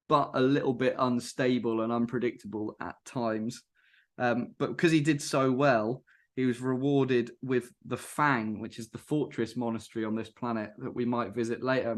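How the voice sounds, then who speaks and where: A podcast co-host talking at a middling pitch as he retells game lore. His delivery is loose and chatty, with the odd swear. He sounds relaxed among friends. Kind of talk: casual chat, reading out lore.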